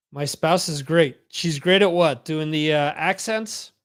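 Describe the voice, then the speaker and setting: Man, podcast host, casual live-stream talk, slow pace, higher voice, rambling with repeated words. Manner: rambling, repeats words, reads chat aloud.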